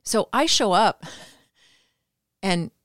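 A woman's voice: mid-range voice, animated, drawn-out words, fairly bright tone, no echo, clean studio sound. A middle-aged woman hosting a podcast, telling candid personal stories with quoted asides. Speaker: podcast host. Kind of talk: solo podcast monologue.

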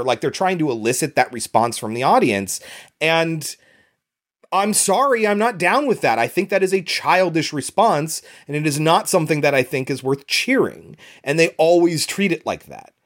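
A man co-hosting a podcast, talking about films in an animated, opinionated way and swearing often. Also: on the high side, normal speed. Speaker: podcast co-host. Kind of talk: casual film discussion.

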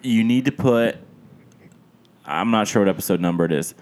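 A man's voice: fairly low pitch, normal speed, a little mellow. A man in casual chat, eagerly recommending something to the others. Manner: enthusiastic recommending.

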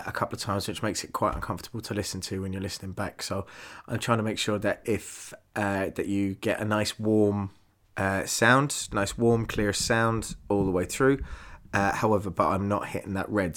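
Swearing, rambling low-voiced male podcaster. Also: fairly bright tone. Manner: rambling, swears constantly, laughs easily. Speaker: podcast host. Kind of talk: casual solo podcast monologue. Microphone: podcast microphone.

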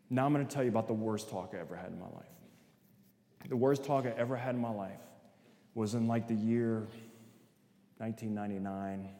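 A man's voice: medium pitch, warm tone. A middle-aged man giving a sermon-style talk, telling stories, acting out voices and often asking the audience "right?". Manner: acts out voices in quotes. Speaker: speaker. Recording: echoey hall with long reverb.

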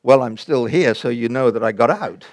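An older man, preaching and telling his own story of faith as an animated storyteller who acts out dialogue and sometimes drops almost to a whisper. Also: mid-range voice, normal speed, no echo. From England. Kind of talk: personal testimony in a sermon.

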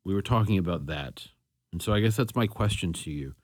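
A man's voice: deep voice, lively intonation, brisk, dry recording, clean studio sound. A man hosting a solo faith podcast, thinking aloud in a conversational way and often correcting himself. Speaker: podcast host. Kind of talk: solo reflective talk on faith.

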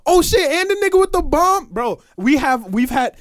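A young man with a notably high voice tells stories on a podcast in loose, slangy chat. He is animated and acts out the sounds and voices in his stories. The recording is dry and close. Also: moderate pace, dry recording. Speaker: podcast co-host. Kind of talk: casual storytelling chat.

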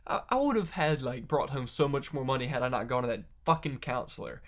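A man's voice: mid-range voice, animated, fairly quick. A tired young man, a musician being interviewed, telling long rambling stories, swearing freely and laughing between lines. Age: young adult. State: tired from long hours awake. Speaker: musician guest. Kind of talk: casual interview chat.

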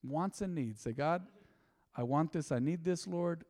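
A man pastor preaching a lively, joking sermon in a church. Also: fairly high pitch, a little slow. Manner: animated, joking, folksy. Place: church sanctuary. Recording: long hall reverb.

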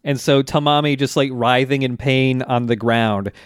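A man with a mid-pitched voice retells an episode in a loose, laid-back way, leaning on fillers and laughing often. The sound is dry and close, with no room around him. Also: fairly even intonation, normal speed, clean tone, no echo. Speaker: podcast co-host. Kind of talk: casual recap chat.

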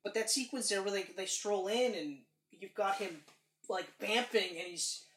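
A man casually chatting about movies as a podcast co-host, excited and swearing often. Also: sits high, normal speed, a little hiss or hum. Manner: animated, swearing, excited retelling. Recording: echoey room.

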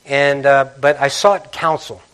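A male pastor preaching a sermon in a church, swinging between loud emphasis and hushed, intimate asides. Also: mid-range voice, steady tone, a little slow, clear, resonant tone.

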